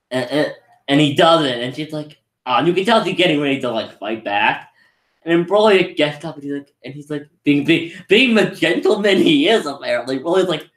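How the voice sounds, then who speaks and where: A man's voice: fairly high pitch, lively intonation, a little fast, fairly bright tone, roomy sound. A man recapping a film in a casual, rambling way, with many restarts and fillers, briefly acting out what the characters say. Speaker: movie reviewer.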